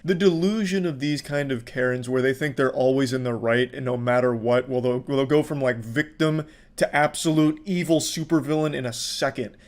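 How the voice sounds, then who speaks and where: A man giving profane, sarcastic commentary on viral videos in a deadpan delivery. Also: medium pitch, normal speed, hardly any pauses. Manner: sarcastic, deadpan, swears constantly. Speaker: online commentary host.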